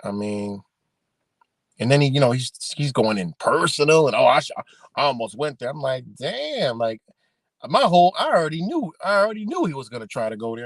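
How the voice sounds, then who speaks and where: Guy with aave venting on his podcast, cussing a lot, kinda high voice, dry close sound. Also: no room sound. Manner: blunt, heavy swearing, repeats himself. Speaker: podcast host. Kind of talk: casual ranting recap.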